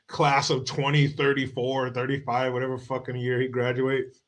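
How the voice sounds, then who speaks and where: A man's voice: medium pitch, steady tone, normal speed, fairly bright tone. A man hosting his own livestream in casual chat, telling family stories with lots of swearing and frequent laughter. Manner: profane, joking storyteller. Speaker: streamer and show host.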